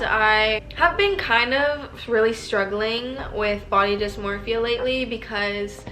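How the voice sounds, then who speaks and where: A young woman in her twenties talks through viewer questions in a loose, slangy vlog style, full of "like." Her voice sits a touch high and rings bright and clear. Soft music plays faintly underneath. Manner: chatty, full of "like" and casual slang. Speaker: vlogger answering viewer questions. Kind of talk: casual advice Q&A chat.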